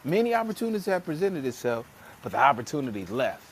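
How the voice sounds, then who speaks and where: A man's voice: medium pitch, very animated, fast, slight background noise. A man on a casual motivational podcast, talking emphatically in slang and acting out voices when he quotes people. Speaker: podcast co-host.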